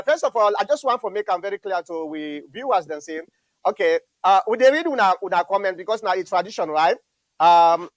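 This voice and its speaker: High-voiced host, halting. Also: male voice, no room sound, poor audio. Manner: halting, many fillers and restarts. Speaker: show host. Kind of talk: casual online show hosting.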